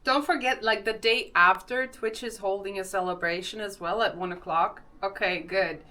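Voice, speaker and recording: A woman's voice: medium pitch, fairly even intonation, normal speed, bright, forceful tone. A young woman with a Swedish accent, chatting casually on a live stream, greeting viewers and laughing often.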